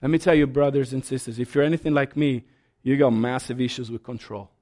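A man preaching a sermon as a pastor, passionate, swinging from soft asides to loud, high exclamations. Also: steady tone, fast.

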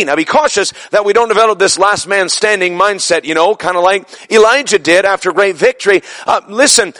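A man preaching a fervent sermon, building to shouted peaks. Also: sits high, expressive, brisk, few pauses. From son of a Brooklyn man.

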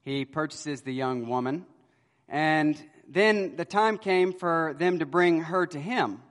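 Preaching man in a reverberant hall. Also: takes it slowly. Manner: storytelling, swings between loud emphasis and quiet low lines. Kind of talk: expository sermon.

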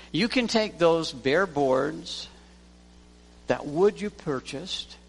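A man who is a pastor preaching a sermon, swinging from loud emphasis to hushed lines. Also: on the high side, vocal fry, husky. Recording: long church reverb.

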